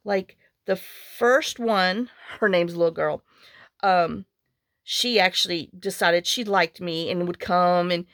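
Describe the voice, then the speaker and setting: Gravelly, chatty woman crafting on camera. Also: lowish voice, slow pace, a bit bright, no room sound, clean studio sound. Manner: rambling, chatty storyteller who mutters to herself while working. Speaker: journal crafting vlogger. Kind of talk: casual chat while crafting.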